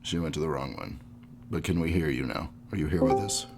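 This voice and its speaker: Deep-voiced sick male podcast host. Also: fairly quick, a little mellow, soft background music. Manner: reads gaming history notes, then casual chat. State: sick, under the weather. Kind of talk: live-streamed podcast chat.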